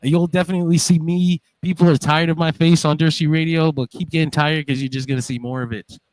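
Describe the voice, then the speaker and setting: A man joining a podcast as a guest, talking in a loose, joking, profane way. His voice sits a little high, and the sound is dry and close. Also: fairly even intonation, quick pace, no echo, rough recording. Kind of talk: casual podcast chat.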